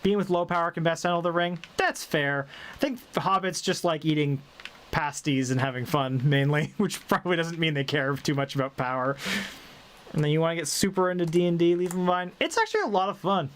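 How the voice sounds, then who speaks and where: A man's voice: a little high, fairly quick. A man live-streaming a game, chatting casually with viewers in a playful, rambling way and laughing often, with a faint Southern drawl. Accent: light Southern drawl, mostly faded. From American South.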